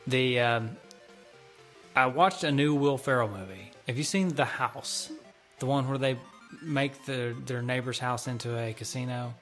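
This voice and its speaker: A man's voice: medium pitch, unhurried, fairly bright tone, faint music behind. A man co-hosting a casual chat, teasing his friends and giving blunt opinions, often repeating himself. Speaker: podcast co-host.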